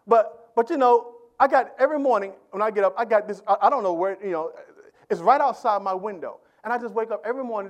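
High-voiced preacher calling out to a congregation. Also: male voice, quick pace. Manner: call-and-response preaching, loud and quiet by turns; colloquial, repeats words. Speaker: pastor. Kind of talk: sermon.

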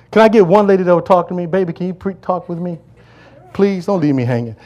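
Higher-voiced man preaching with call-and-response. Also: fast. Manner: call-and-response preaching, asks congregation to fill in words; joking, swings between loud declaring and low asides. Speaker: pastor. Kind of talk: sermon. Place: church service before a congregation.

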